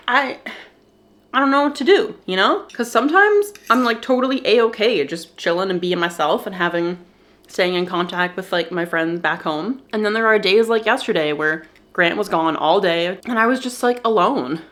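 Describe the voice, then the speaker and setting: Young woman doing a candid vlog, soft and halting, kinda teary, little nervous laughs. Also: medium pitch. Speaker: vlogger.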